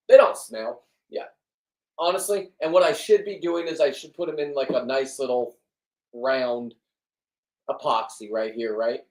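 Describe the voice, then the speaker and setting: Fifties male vlogger, foul-mouthed and jokey, high-ish voice, recorded off-mic in an echoey room. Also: measured pace, pauses often. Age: 50s. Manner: crude, profane, loud and joking. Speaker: fishing and diving vlogger. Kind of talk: casual rambling monologue. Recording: roomy, from a distance.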